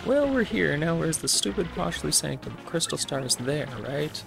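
A gamer voicing a boastful, brutish turtle king villain with loud, huffy delivery. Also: medium pitch, big pitch swings, normal speed, creaky, music in the background. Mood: grumpy.

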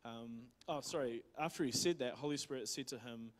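A man with a New Zealand accent talks at church, retelling a missionary's story in a loose, storytelling style full of fillers and restarts. His voice is medium-pitched and fairly quick.

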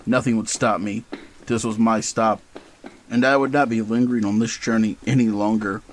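Male horror narrator, fairly low voice, intense dramatic reading. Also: steady tone, normal speed, a little hiss or hum, low-quality recording.

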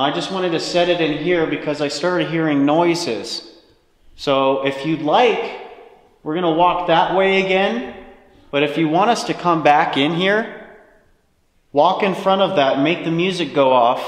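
A young man leads a ghost hunt, politely coaxing and pleading with unseen spirits. His voice sits a bit high. It rings through a large old hall with a long, lingering reverb. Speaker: paranormal investigator host. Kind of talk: casual ghost-hunting narration. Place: large old ballroom and hallways of a historic saloon building, indoors.

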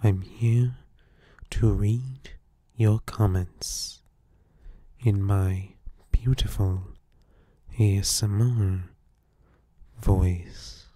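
A man voicing a snarky male character in a whispered role-play, with a soft breathy whisper and deadpan, mock-soothing insults. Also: fairly low pitch, drawn-out words, pauses often, no room sound.

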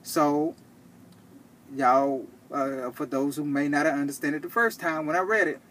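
A man teaching from the Bible, reading verses slowly and checking in with "okay?" after each point. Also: on the high side, steady tone, fairly bright tone, slight background noise. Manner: reads verses slowly and deliberately. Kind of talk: scripture teaching to camera.

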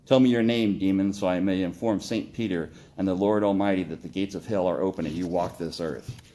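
A man's voice: low voice, steady tone, a little fast, mellow, lightly acted. A man voicing a defiant young male soldier, short of breath, in a story read aloud.

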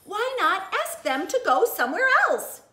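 A woman voicing a calm, helpful pig friend in a storybook read-aloud, speaking in a matter-of-fact, reassuring way. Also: extremely high pitch, moderate pace, reverberant, exaggerated voice. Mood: cheerful.

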